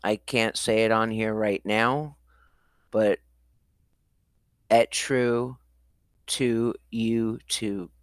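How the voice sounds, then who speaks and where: Slow, deliberate man on a dry mic. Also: fairly low pitch, fairly even intonation, smooth, no echo. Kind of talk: casual commentary to viewers.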